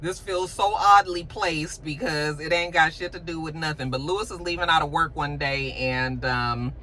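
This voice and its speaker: A woman's voice: low voice, normal speed. A woman giving a casual recap of a TV episode, talking in a loose, slangy and profane way. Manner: animated, slangy, profane retelling. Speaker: TV recap host.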